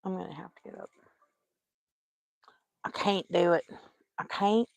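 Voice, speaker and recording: A woman's voice: lowish voice, steady tone, unhurried, creaky, darkish tone, dry recording. A woman, hosting a casual crochet livestream, talking to herself and muttering in exasperation as she works. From Texas. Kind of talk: casual live-stream chat while crocheting.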